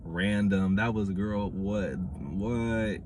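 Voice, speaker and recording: A man, reviewing a reality show in casual commentary with animated, dramatic retelling. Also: lowish voice, extremely slow, background noise.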